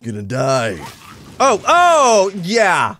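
Young guy yelling over his gameplay, voice jumps all over, bit of noise behind. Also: sits high, slow. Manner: excitable, makes gun sound effects, jokey. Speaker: gaming YouTuber. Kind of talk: live gameplay commentary.

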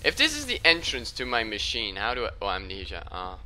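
A young man giving casual gameplay commentary as a let's play host, joking, swearing often and reacting loudly when startled. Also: fairly low pitch, huge pitch swings, fairly quick. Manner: jokey, swears a lot, loud startled reactions.

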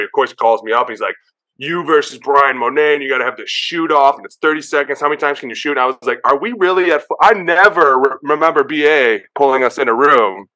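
A man in his thirties chats as a guest, rattling off stories at a quick clip. His voice is bright and lively, and he slips into quoted voices with plenty of "like" and "dude". It sounds like a relaxed, excited interview. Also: medium pitch. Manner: animated, acts out quotes, many "like" and "dude". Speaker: guest, former pro football player. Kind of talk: excited casual interview storytelling.

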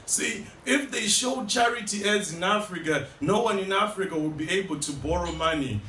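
A man's voice: high-pitched, lively intonation, moderate pace, sharp tone. A man performing a rambling stand-up comedy set in a tea room, with stammering restarts. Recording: echoey room, distant mic, noisy.

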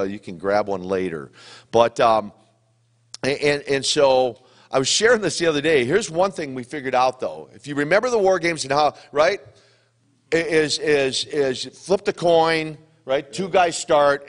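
A man in his sixties at a fan convention Q&A, telling lively, joking stories and acting out what people said. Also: medium pitch. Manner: animated, jokey storyteller, acts out quotes. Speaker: wrestling legend answering fan questions. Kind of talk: convention Q&A storytelling. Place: convention hall.

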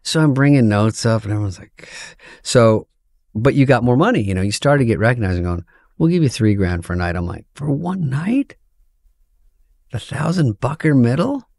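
A middle-aged man, a comedian guest, telling stories in casual chat, profane and animated, acting out quoted voices. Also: lowish voice, a little fast, dry recording, clean studio sound.

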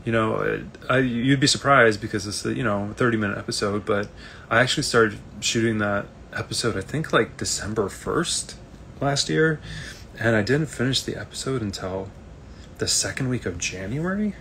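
This streamer has a low, gravelly voice with a bright, forceful tone and a faint hiss behind it. He reads out fan questions on a casual live video and answers them in a chatty, unhurried, rambling fashion.

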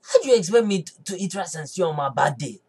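A man's voice: high-pitched, animated, quick pace, a little mellow, breathy edge. A man with a Nigerian English accent playing an indignant husband who is upset on his birthday in a comedy sketch, complaining and blustering. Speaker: comedy skit character. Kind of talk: comic sketch acting.

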